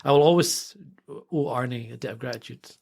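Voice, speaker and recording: A man's voice: mid-range voice, a little fast, creaky. A man in his thirties, an author telling stories in a casual interview, rambling and correcting himself as he goes. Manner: rambling, self-correcting, animated anecdotes. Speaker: author, podcast guest.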